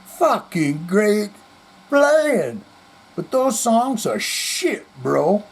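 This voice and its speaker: Drunk, belligerent rock frontman, slurred and taunting, pitched a bit high and husky, as a male host puts him on. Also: big pitch swings, extremely slow, full character voice.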